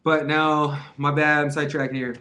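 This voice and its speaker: A man's voice: a little high, flat delivery, normal speed, sharp tone. A man in his twenties talking to camera in a casual, confessional way. He rambles and drops a lot of "dude", "man" and "like" as he goes. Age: 20s. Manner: rambling, slangy, many fillers like "dude" and "man". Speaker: vlogger giving advice on quitting.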